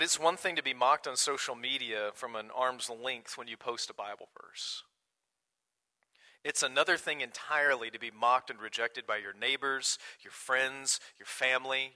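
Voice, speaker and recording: A man delivers a sermon in an earnest preaching manner. His voice is strikingly bright and cutting, and his pitch sits at an ordinary middle height. He leans hard into key phrases, then drops to hushed, quiet asides. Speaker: pastor.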